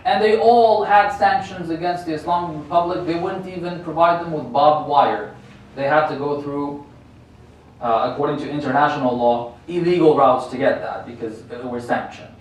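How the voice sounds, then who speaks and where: A man's voice: fairly high pitch, normal speed. A man giving a religious sermon in a mosque hall, talking conversationally and often asking his listeners rhetorical questions. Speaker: sheikh giving a religious lecture. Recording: very echoey hall, voice distant from the mic, faint noise.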